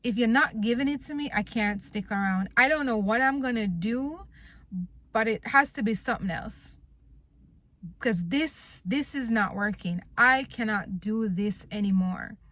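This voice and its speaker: A woman's voice: fairly high pitch, a little slow, a bit bright, no echo. A young woman vlogging, venting bluntly and with plenty of swearing about wanting to quit her job. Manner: frustrated, blunt, swears a lot. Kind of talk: venting to camera.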